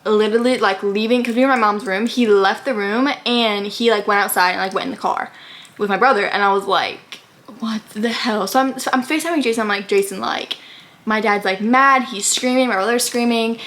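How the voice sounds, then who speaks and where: A woman's voice: mid-range voice, fairly quick, fairly bright tone. A young adult woman telling a personal story in a casual vlog, rambling with lots of "like" and acting out what people said. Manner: rambling, many "like" fillers, acts out quotes. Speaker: vlogger telling her story.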